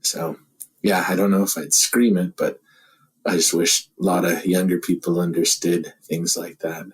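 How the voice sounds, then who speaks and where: A man as a podcast guest, talking casually and thinking aloud in halting phrases, often breaking into laughter. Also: sits low, flat delivery, husky. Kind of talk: casual interview talk.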